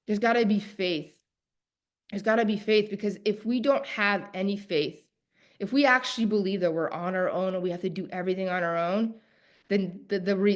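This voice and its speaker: A woman coach teaching a live online masterclass in an emphatic, preacher-like cadence, repeating key phrases and talking straight to her viewers. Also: medium pitch. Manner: talks directly to viewers.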